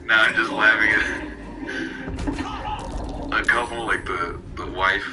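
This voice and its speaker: A man's voice: fairly low pitch, fairly even intonation, measured pace, low-quality recording. A young man streaming a game, cracking crude jokes and laughing constantly in casual chat. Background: game music.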